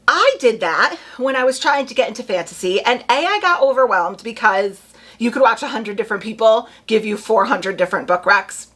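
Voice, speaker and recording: A young woman chatting casually to camera about book picks, full of quick asides and "like". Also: mid-range voice, fairly bright tone. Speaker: booktube creator.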